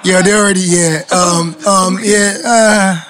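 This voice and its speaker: A man's voice: high-pitched, fairly even intonation, unhurried, over a noisy crowd. A man, a guest singer from Nigeria, chatting casually in a studio, laid-back, with lots of "like" and "you know". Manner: laid-back, filler-heavy, repeats "like". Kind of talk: casual chat.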